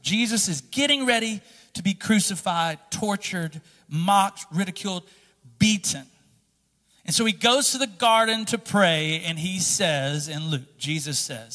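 A man preaching a sermon in a big church hall, his bright, forceful voice ringing out with a long tail of reverb. His pitch sits a little high for a man. He leans in close and confiding, then climbs into loud, impassioned preaching. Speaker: pastor. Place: church sanctuary.

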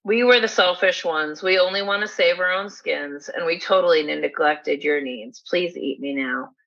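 A woman's voice: on the low side, moderate pace, a bit bright. Woman voicing a stubborn giant billy goat. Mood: apologetic. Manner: insistent, combative. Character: huge horned billy goat, stubbornly self-blaming. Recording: dull lo-fi recording.

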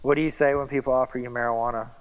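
A man's voice: mid-range voice, steady tone, rapid-fire, smooth. Casting: male podcast co-host from Arkansas, teasing, pushes playfully. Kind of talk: casual podcast chat.

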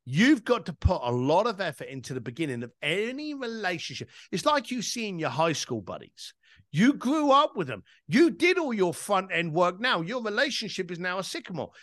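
Entrepreneur-type man, middle-aged, lively emphatic delivery, dry close mic. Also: high-pitched, normal speed, no echo. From East London, England. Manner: animated, emphatic, casual swearing. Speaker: podcast guest, entrepreneur and speaker. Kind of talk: conversational interview storytelling.

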